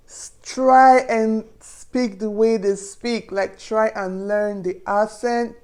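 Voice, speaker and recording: A woman's voice: medium pitch, a little mellow. A young woman from Nigeria with a Nigerian accent, giving earnest, chatty advice to her viewers in a casual vlog. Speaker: vlogger.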